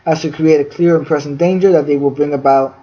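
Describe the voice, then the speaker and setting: Fast and mellow, a man's fairly high voice holds a steady tone as he hosts a podcast discussion. He reads out definitions from a fact sheet, filling the gaps with lots of fillers. The sound quality is dull and lo-fi.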